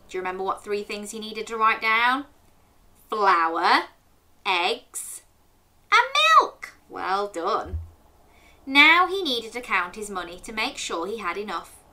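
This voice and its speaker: A woman in her thirties hosting a children's story show, reading a picture book aloud and asking the young listener questions. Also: mid-range voice. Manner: animated, asks the listener questions and waits for answers.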